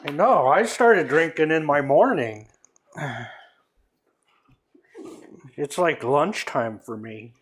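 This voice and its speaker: A man's voice: on the high side, animated, slow pace, long pauses. A man co-hosting a casual whiskey chat at home, joking around and slipping into silly accents. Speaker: co-host of a whiskey show.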